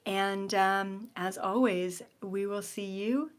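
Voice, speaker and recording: A woman with a Canadian accent hosting her own vlog, chatting casually to viewers with frequent ums and a relaxed, confiding tone. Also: mid-range voice, slow, clear, resonant tone. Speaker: channel host. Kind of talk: casual direct-to-camera vlog.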